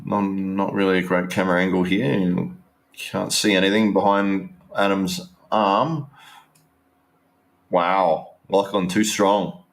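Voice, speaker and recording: A man's voice: low-pitched, level tone, takes it slowly. A man giving casual, rambling live stream commentary, restarting sentences and talking straight to his viewers.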